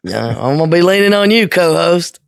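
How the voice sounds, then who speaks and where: Woman cohosting a chatty podcast, pitch bouncing all over, dry close sound, kinda low-key. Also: animated, brisk, vocal fry, dry recording. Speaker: podcast co-host. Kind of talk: casual chat.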